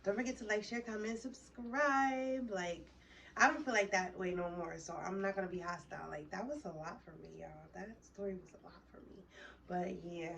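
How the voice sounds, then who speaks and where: A woman's voice: mid-range voice, normal speed, gravelly, fairly bright tone, distant mic, poor audio. A woman with a New Jersey accent telling a storytime in a casual, profane, heated rant. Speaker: vlogger.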